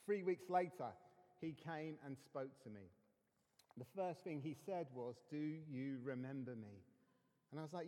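Earnest pastor in a reverberant church. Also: male voice, on the high side, animated, unhurried. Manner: earnest storytelling, dropping to hushed tones for emphasis. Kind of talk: sermon. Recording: long hall reverb.

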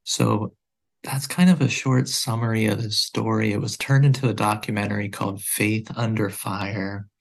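A man guest on a podcast, telling a story in conversation in an earnest, measured way. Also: fairly low pitch, steady tone, vocal fry.

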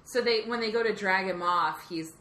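A woman co-hosting a podcast, casually chatting about a movie, playful and quick to chime in and finish her partner's sentences. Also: mid-range voice, pushed and bright, echoey room. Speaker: podcast co-host. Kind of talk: casual movie recap chat.

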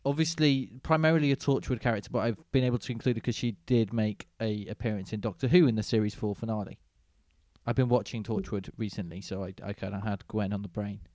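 A man's voice: fairly low pitch, fairly even intonation, darkish tone, dry recording, studio quality. A man hosting a casual chat, leading the game and laughing easily. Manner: chatty, leads the game, quick to laugh. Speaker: podcast host.

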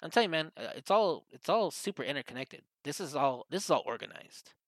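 A man, co-hosting a casual podcast chat, rambling and profane, getting animated when he quotes others. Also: a little high, quick pace, dry recording. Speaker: podcast co-host.

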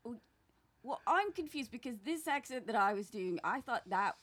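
A woman plays a flustered, rambling actress who muddles everything at an audition. She talks with a lively, swooping pitch and pokes fun at herself. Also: normal speed. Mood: befuddled. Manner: flustered, rambling, self-deprecating. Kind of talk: improv comedy scene.

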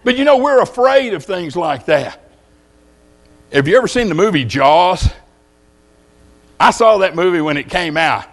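An older man with a drawl preaches with folksy humor, spinning homespun tales. His voice sits high for a man and swoops up and down with animation. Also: expressive, measured pace, long pauses. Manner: folksy storytelling with jokes. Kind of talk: sermon.

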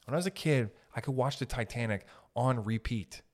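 A man from Canada hosting a podcast, delivering a heated, profane rant and slipping in quick acted quotes of other people. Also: medium pitch. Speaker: podcast host. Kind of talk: ranting podcast monologue.

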